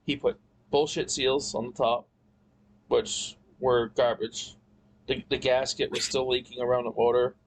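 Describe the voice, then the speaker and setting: A male podcast guest tells a long story in casual chat, rambling, cursing, and frequently restarting his sentences. His middle-pitched voice is flat and unhurried, and the low-quality recording carries a faint background hiss.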